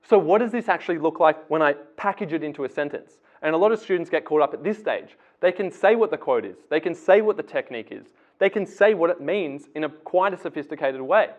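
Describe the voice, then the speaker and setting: A man's voice: on the high side, animated, fairly quick, hardly any pauses. A man teaching English essay writing, explaining casually step by step. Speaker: English tutor. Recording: tinny phone-like sound.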